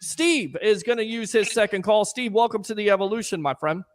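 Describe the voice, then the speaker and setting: A man hosting a live call-in sports talk show, ranting in a fired-up, sarcastic way and shouting at times. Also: high-pitched, expressive, a little fast. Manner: sarcastic, scolding critics.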